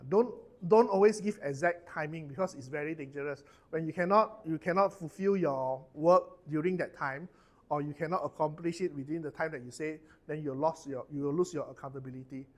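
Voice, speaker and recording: Fairly quick and a little high, a middle-aged man's voice carries a Malaysian English accent as he leads a corporate training session. Chatty and relaxed, he drops lah and lor at the close of his sentences.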